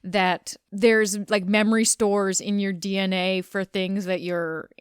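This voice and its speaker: A woman's voice: medium pitch, flat delivery, measured pace, smooth, dry recording, clean studio sound. A woman co-hosting a horror film podcast in casual chat. She laughs often and swears casually. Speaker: podcast co-host.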